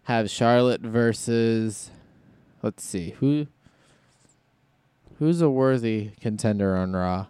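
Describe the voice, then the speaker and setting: A man's voice: lowish voice, takes it slowly, pauses often, dark tone, clear, resonant tone, dry recording. A man hosting a solo podcast in casual chat, rambling and thinking aloud as he goes. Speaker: podcast host.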